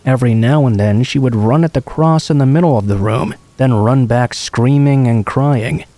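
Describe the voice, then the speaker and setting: A man calmly reading true horror stories aloud as a narrator, in an even storytelling manner. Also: medium pitch, moderate pace, no echo. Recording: rain sounds behind the voice. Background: steady rain.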